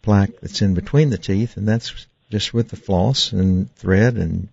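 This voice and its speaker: A man's voice: fairly low pitch, measured pace, gravelly, a little mellow, husky. A man hosting a call-in radio show as a dentist, explaining things earnestly with frequent fillers and restarts. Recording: dry, muffled radio studio sound.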